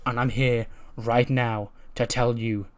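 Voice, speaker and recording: Guy doing a pumped-up wrestler giving his buddy a big speech, medium pitch. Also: flat delivery, slow, lightly acted. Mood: rousing. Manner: emphatic, rousing speech. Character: passionate male pro wrestler giving a pep talk.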